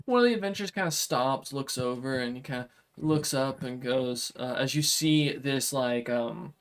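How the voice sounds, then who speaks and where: A man's voice: mid-range voice, normal speed. Rambling male game master. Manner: rambling narration full of "like" and "kinda". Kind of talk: narrating a tabletop game.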